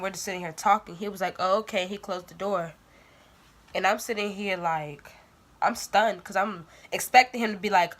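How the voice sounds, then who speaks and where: A young woman vlogger telling a story in a casual, animated way, full of "like"s. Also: medium pitch. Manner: animated, dramatic retelling with many "like"s.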